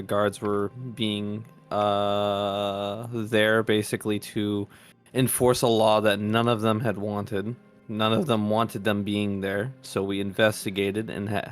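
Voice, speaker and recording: A steady adventurer, as a man plays him in a tabletop game, giving his report in a low, flat voice. Faint music sits under the voice. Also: natural voice. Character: adventurer explaining the party's mission.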